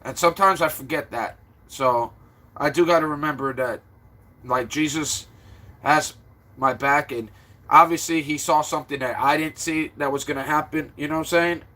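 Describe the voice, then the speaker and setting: A man's voice: normal speed, bright, forceful tone. A stressed man from Florida rambling casually to his livestream viewers. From Florida, USA. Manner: rambling, talks to viewers, turns low and subdued.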